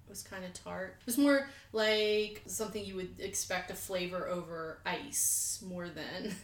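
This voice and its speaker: A woman's voice: fairly low pitch, measured pace, slight background noise. A young woman co-hosting a podcast in casual chat, rambling and self-deprecating, laughing often. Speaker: podcast co-host. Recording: echoey room.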